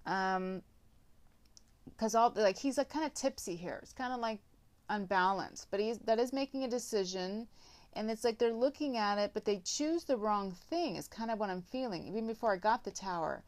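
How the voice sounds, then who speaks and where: A woman's voice: mid-range voice, expressive, normal speed. A woman giving a casual tarot reading, rambling with lots of filler words and some blunt swearing. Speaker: tarot reader.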